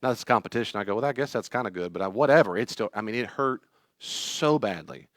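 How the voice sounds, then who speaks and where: A man's voice: on the low side, animated, fast, no echo, clean studio sound. A middle-aged man, a therapist teaching a class, telling personal stories in an earnest, pleading way. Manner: earnest, pleading, acts out quoted voices.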